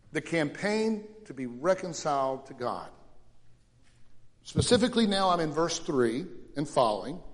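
A male pastor preaching a sermon dramatically, rising to loud questions and dropping to hushed lows. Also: in a large hall.

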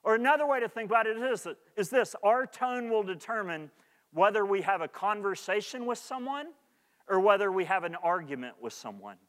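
High-voiced earnest preacher in a hall. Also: male voice, animated, a little fast, fairly bright tone. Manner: earnest, repeats key points for emphasis. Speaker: pastor. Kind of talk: sermon.

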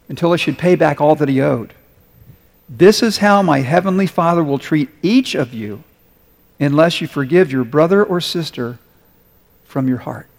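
A man's voice: on the high side, a little mellow, in a large hall. A male pastor delivering a sermon, talking conversationally and asking his congregation questions as he reads and explains a story. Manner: conversational preaching with rhetorical questions.

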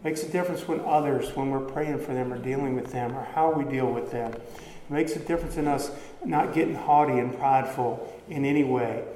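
A man's voice: mid-range voice, a little fast, mellow, slight background noise. A man preaching a sermon as pastor, earnest, often repeating words as he goes. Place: church sanctuary. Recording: echoey church hall, faint ambience.

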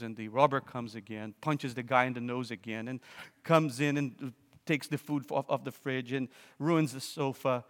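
A man preaching a sermon, telling a story with frequent restarts and fillers, then building to loud, emphatic appeals. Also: medium pitch, big-room sound.

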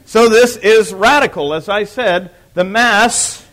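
A man's voice: sits high, slow pace, fairly bright tone. A man teaching church history to a live class. He repeats key points for emphasis, asks the room questions and throws in dry teasing asides.

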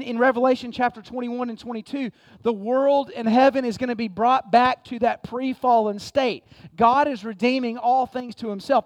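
A pastor preaches with a strikingly high voice, fervent and emphatic, often starting lines with "man". His voice is close and dry, with almost no room sound. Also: no echo. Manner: impassioned preaching, reads scripture aloud, repeats "man". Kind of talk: sermon.

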